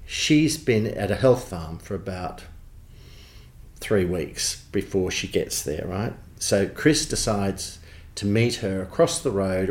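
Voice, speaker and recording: A man with an Australian accent, a theatre producer telling lively backstage anecdotes in an interview. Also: fairly low pitch. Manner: animated storyteller, does voices in quotes.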